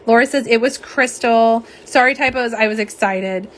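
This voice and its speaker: A woman's voice: fairly high pitch, moderate pace, a bit bright. A woman hosting a live nail polish unboxing, chatting casually and reading viewer comments aloud. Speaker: nail polish livestream host. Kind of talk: live unboxing and swatching chat.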